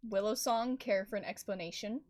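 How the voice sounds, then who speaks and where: A woman voicing a stern male clan leader cat in a roleplay, asking measured questions. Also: mid-range voice, a loud crowd, natural voice. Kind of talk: voice-acted roleplay.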